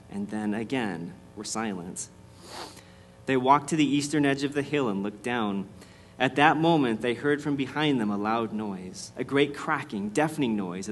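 A man reading a storybook aloud in a measured, expressive way, then speaking to his listeners as the host. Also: mid-range voice, a little hiss or hum.

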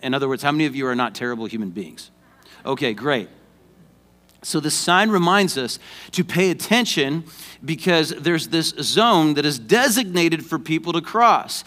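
A man's voice: a little high, animated, moderate pace, sharp tone. A man preaching a sermon as pastor, conversational and joking, then rising to emphatic points.

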